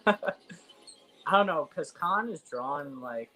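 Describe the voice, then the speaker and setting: A woman's voice: low-pitched, lively intonation, takes it slowly, sharp tone, rough recording. A woman chatting casually over a video call during a movie watch-along, chatty and laughing with fond pop-culture asides.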